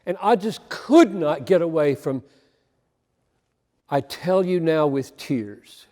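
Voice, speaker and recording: A pastor with a high-pitched, slightly mellow voice preaches an earnest, emphatic sermon, repeating phrases for weight. His intonation is lively and his pace slow with frequent pauses, and his words echo with a long reverb as if in a large hall.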